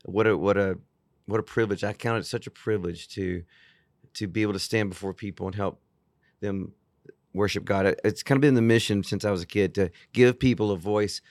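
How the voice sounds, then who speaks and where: A man's voice: fairly low pitch, fairly quick, dry recording, clean studio sound. A man in his fifties, a worship singer-songwriter telling stories earnestly in an interview, often restarting his sentences. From Texas. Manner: earnest, animated, with frequent restarts. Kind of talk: storytelling in an interview.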